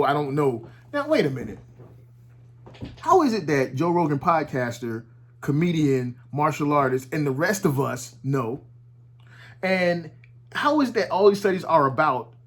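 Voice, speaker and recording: A man talks through a casual commentary from his home, his voice a touch higher than most. He is animated and profane, and often stumbles and restarts his sentences as he goes. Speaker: commentary vlogger. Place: at home with his dog nearby.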